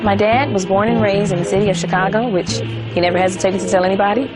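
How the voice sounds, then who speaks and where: A woman giving a documentary interview, animated as she acts out what was said. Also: mid-range voice, fast, loud music behind the voice, low-quality recording. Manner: animated storytelling, acting out quotes. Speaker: interviewee, family member.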